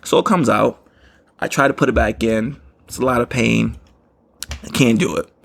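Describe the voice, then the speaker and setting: A man's voice: medium pitch, normal speed, creaky. A man hosting a podcast, telling a story in a rambling casual way and often saying "you know what I mean". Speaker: podcast host.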